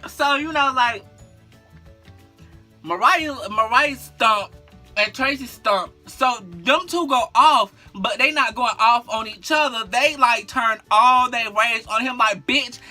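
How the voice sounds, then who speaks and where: Storytime vlogger, very bright voice, slangy and profane, lots of fillers and asides, faint music behind. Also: medium pitch, slow pace. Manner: frequent fillers and asides to the viewer. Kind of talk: casual storytime monologue.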